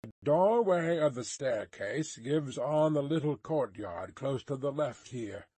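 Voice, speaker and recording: A man's voice: mid-range voice, expressive, measured pace, dark tone, slightly rough, no echo. A man voicing a guarded wine-shop keeper.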